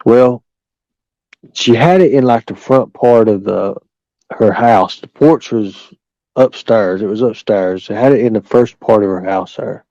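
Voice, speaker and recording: A man's voice: on the low side, a little slow, dark tone, no echo. Profane, rambling man telling a story. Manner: rambling, profane, frequent restarts and fillers. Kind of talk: casual storytelling. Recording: dull lo-fi recording.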